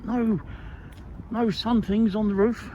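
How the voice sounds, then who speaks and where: A man's voice: high-pitched, fairly even intonation, measured pace, mellow. Wry man muttering to his camera. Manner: wry, mumbled asides to camera, chatty. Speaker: vlogger filming in public. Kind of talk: casual running commentary. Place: outdoors on an industrial estate. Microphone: handheld camera mic. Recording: dull lo-fi sound, clear street noise.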